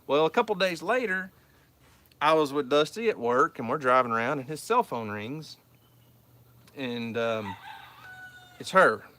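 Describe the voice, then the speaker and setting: Oklahoma guy telling a long story, keeps repeating words, bright voice. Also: mid-range voice, animated, measured pace, long pauses. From South Central Oklahoma. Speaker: homestead channel host. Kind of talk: casual chat answering viewer questions.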